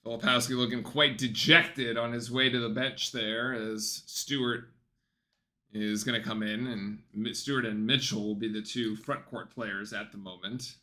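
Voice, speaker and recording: A man with a very bright, forceful voice and a mid-range pitch calls a basketball game live from home. His commentary is casual and chatty, and it rises readily into excitement. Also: normal speed. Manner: chatty, excitable, breaks off to talk softly to his dog. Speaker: sports streamer calling a live game.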